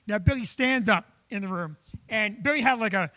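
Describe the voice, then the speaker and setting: A male comedian hosts a live show, telling a story with animated energy. His voice sits unusually high and bright for a man. The sound is close and dry. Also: moderate pace, dry recording. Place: comedy club.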